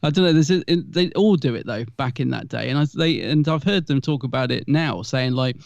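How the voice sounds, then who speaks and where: Gravelly, chatty man. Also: mid-range voice, brisk, darkish tone, no echo, dull audio. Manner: chatty, rambling, restarts often. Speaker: podcast co-host. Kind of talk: casual chat.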